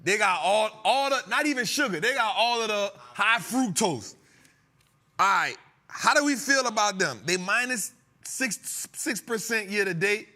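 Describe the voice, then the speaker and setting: With a high voice and a measured pace, a male host riffs on stocks for a comedic finance show. He stays animated and jokey, laughing often and poking fun at his crew.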